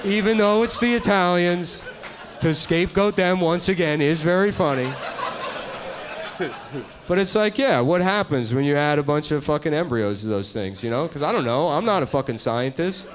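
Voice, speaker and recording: Middle-aged male stand-up, slightly high voice, deadpan crude riffs, audience laughter underneath. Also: moderate pace. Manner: deadpan crude riffing, drops to mutters. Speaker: comedian. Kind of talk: stand-up comedy. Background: crowd laughing.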